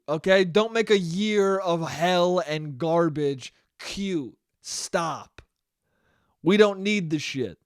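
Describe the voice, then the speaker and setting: A man's voice: high-pitched, expressive, slow, dry recording, studio quality. A young man hosting a solo comedy podcast, rambling and profane, laughing at his own jokes. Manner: slips into mock voices. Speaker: podcast host.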